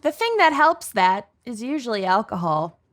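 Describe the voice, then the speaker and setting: A woman's voice: on the high side, sing-song, normal speed, fairly bright tone. A woman co-hosting a podcast in casual, jokey chat, cursing freely. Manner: upbeat, jokey, swears freely. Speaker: podcast co-host.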